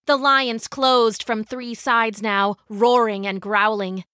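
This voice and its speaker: Slow bright storytelling woman. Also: on the high side, fairly even intonation, no room sound, studio quality. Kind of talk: scripted children's story narration.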